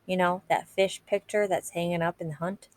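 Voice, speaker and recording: A woman's voice: fairly low pitch, fairly even intonation, moderate pace, close to an everyday voice. A woman reading aloud, voicing a swaggering teenage boy bully in a mocking, teasing way. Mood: taunting. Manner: taunting, teasing.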